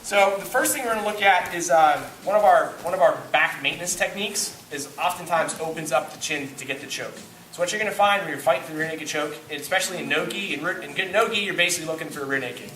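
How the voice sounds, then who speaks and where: A man instructs a live grappling class, his voice high and bright. He mixes technical pointers with self-mocking jokes as he works on a partner. The camera picks him up from a distance in a reverberant gym. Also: fast, slight background noise. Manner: joking, self-mocking coaching while grappling. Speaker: jiu-jitsu instructor. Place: indoor training gym. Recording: echoey gym from far off.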